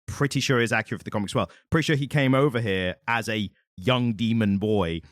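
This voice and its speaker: A man's voice: fairly low pitch, quick pace, dry recording, clean studio sound. A man co-hosting a comics podcast in casual chat, rambling with restarts and laughing often. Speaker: podcast co-host.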